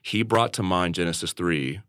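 A man's voice: sits low, moderate pace, a bit bright, clean tone, no room sound, clean studio sound. A man co-hosting a church podcast, telling a candid personal story in an earnest conversational way, often restarting and repeating words. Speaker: church leader and podcast co-host.

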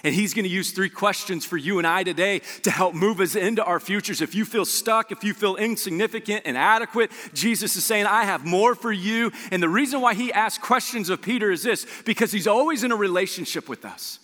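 A male pastor preaching a sermon, animated, his voice leaping up for emphasis and acting out the people in his stories. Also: high voice, brisk, few pauses. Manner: acts out quoted dialogue. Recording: long hall reverb.

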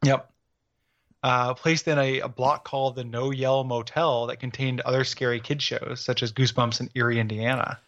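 A man co-hosting a casual podcast chat, rambling fast and laughing often. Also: mid-range voice, flat delivery, a bit bright. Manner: laughs often, fast rambling, drops into silly put-on voices. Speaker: podcast co-host. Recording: slightly dull lo-fi sound.

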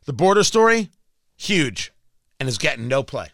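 A sarcastic male talk radio host, his high voice swinging widely in pitch as he hammers his points. The sound is bright and sharp, recorded dry and close in a studio booth. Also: very animated, normal speed, gravelly, no echo. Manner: combative, sarcastic, emphatic. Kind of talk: political talk radio monologue.

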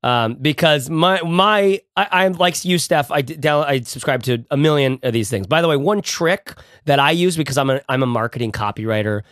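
Man, podcast co-host, casual chat, animated, playful, slightly high voice, dry close sound. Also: normal speed, hardly any pauses, no room sound. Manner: animated, playful, talks in bursts.

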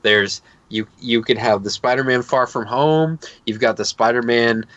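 A man's voice: mid-range voice, moderate pace, dry recording, muffled recording. A man in his thirties co-hosting a podcast, telling a long, rambling anecdote in a casual chat. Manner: rambling, animated anecdote with laughs and quoted voices. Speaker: podcast co-host.

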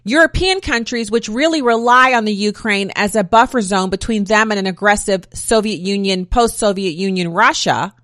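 A woman's voice: mid-range voice, normal speed, hardly any pauses, fairly bright tone, dry recording. Woman, opinionated talk-show host, close dry mic, mid voice, snarky asides. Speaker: podcast host. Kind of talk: political commentary podcast.

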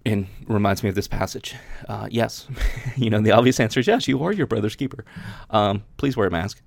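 A podcast host reads Bible passages aloud, then talks them over casually, restarting often. His lowish voice is expressive and brisk with vocal fry, in a dry recording.

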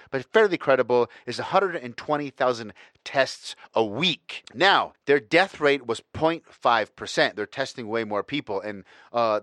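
A man's voice: medium pitch, fairly bright tone, no room sound, studio quality. A man ranting casually as a podcast host, rambling and profane, with self-mocking humor. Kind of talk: casual opinion rant.

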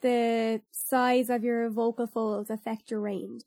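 A woman singer chats casually, her sentences full of restarts and fillers. Her voice sits a bit higher than most, and it sounds close and dry with no room echo. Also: flat delivery, slow, a little mellow. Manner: chatty, with filler-laden restarts. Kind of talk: casual podcast chat.

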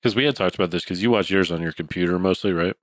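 A laid-back man with a notably deep, low voice, talking through a horror movie with a friend. He sounds relaxed and easygoing, quick to laugh. The recording is dry and close, with no room echo. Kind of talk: casual horror movie review chat.

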